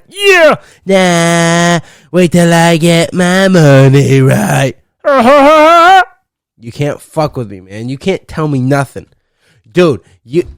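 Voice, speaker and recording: A man's voice: medium pitch, no echo. A young man rambles through a solo podcast, swearing freely and joking around. His voice sits in an ordinary middle register. The sound is dry and close, with no room around it. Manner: profane, rambling, playful with bursts of loud laughter. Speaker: podcast host. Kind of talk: casual solo podcast rant.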